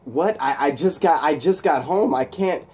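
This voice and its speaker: A man's voice: on the high side, normal speed, a little mellow, a little hiss or hum, natural voice. A man voicing a bewildered, frightened male office worker who stammers out confused questions.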